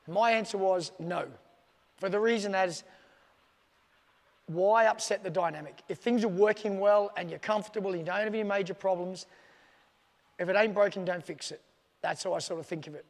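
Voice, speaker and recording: High-voiced man, direct dog trainer. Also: fairly quick, big-room sound. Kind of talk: casual advice to camera. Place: dog training facility with staff around.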